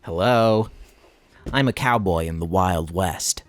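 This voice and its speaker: A man's voice: deep voice, slow, dry recording, soft background music. Man doing a hammy cowboy voice. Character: folksy male Wild West cowboy.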